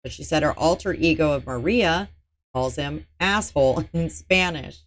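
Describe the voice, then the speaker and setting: A woman's voice: low-pitched, moderate pace. A woman host narrating a murder trial recap, reading out testimony and adding dry, sarcastic asides. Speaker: true-crime channel host.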